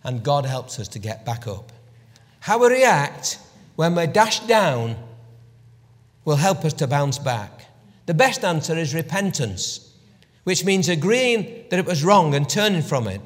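Preacher in an echoing hall. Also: male voice, a little high, measured pace. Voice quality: clears throat often. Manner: animated storytelling, swings from loud emphasis to hushed reflection. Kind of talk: sermon. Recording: long hall reverb.

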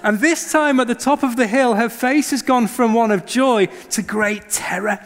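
A man in his thirties preaching a sermon, telling a family story in a lively storytelling manner. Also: very high-pitched, normal speed, in a large hall. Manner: storytelling, animated when acting out scenes. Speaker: pastor.

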